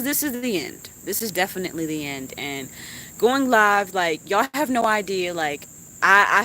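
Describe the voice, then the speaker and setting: A young woman venting on a live stream in a heartfelt, animated way, with swearing and laughter. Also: on the low side, a little hiss or hum. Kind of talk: emotional casual chat.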